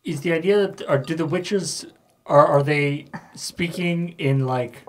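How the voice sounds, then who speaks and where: A man's voice: on the high side, unhurried, a little hiss or hum. A man in a casual writers' brainstorm, thoughtful and hesitant, putting ideas as questions.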